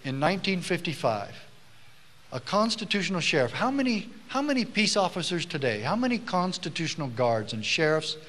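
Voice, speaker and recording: A man's voice: a little high, sing-song, a little fast, slight background noise. A former sheriff giving an emphatic public speech to a live audience, telling stories and acting out the people he quotes. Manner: emphatic, swells to loud rallying stresses; storytelling, acts out the people he quotes. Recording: long hall reverb.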